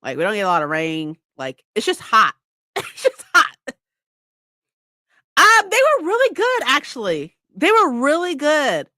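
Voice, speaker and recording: A woman's voice: high voice, wildly swooping pitch, a little slow, sharp tone, no room sound. A young woman from California chatting casually with viewers, swearing freely and laughing often. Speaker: streamer. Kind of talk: casual chat.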